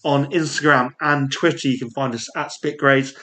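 A man's voice: mid-range voice, steady tone, moderate pace, bright, forceful tone. A man with a Yorkshire accent co-hosting a podcast in casual chat. He laughs often and talks in rambling asides. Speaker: podcast co-host.

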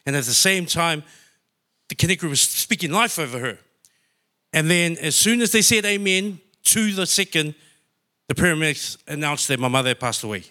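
In church, a New Zealand man with a bright, forceful, slightly higher voice shares his personal testimony. He's heartfelt and emotional, with lively intonation and a normal speaking speed.

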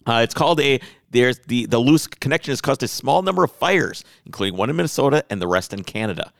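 A man co-hosting a casual news chat, cracking sarcastic jokes and riffing with animated asides. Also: medium pitch, fast, gravelly, dry recording, clean studio sound. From northern North America. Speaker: co-host.

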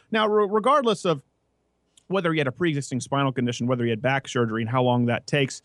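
A man hosting a casual political talk show, brash and mocking, talking fast. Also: medium pitch, no room sound, clean studio sound. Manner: brash, quick, mocking, with put-on voices. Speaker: podcast host.

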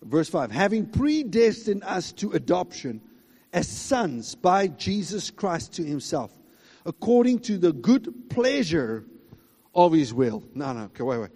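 A man preaching a sermon emphatically, swinging between loud high exclamations and quiet asides. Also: very animated, a little slow, husky, big-room sound. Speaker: pastor.

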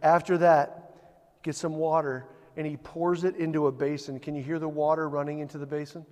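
A man's voice: fairly high pitch, little pitch movement, a little fast, a little mellow, long reverb tail. A man preaching a sermon as a pastor, telling the story vividly and building to emphatic points.

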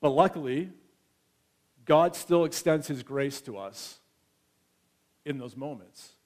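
A man's voice: fairly high pitch, takes it slowly, a little mellow. A man in his thirties preaching a sermon in a conversational way, often checking in with his listeners. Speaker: pastor.

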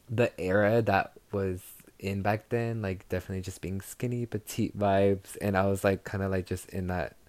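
A man's voice: on the low side, mellow, no echo. A young adult man hosting his own podcast in a casual, chatty way, gushing and filling his talk with "like" and "girl". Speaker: podcast host.

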